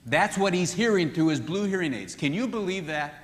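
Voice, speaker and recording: An animated man teaches a marriage seminar in a fairly high voice and acts out what spouses say. His voice carries a long reverb from a large hall. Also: a little fast.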